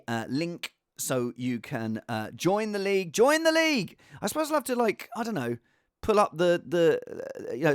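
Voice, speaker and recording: A man hosting a casual fantasy football show, rambling and animated, with a self-mocking tone. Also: high voice, clear, resonant tone, dry recording, clean studio sound. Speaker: host.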